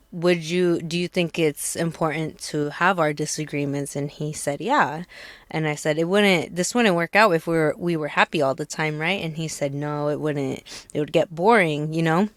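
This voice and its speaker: Earnest woman podcast host, low smooth voice. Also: a bit bright, no room sound. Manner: earnest, candid, retells conversations. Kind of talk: casual podcast chat.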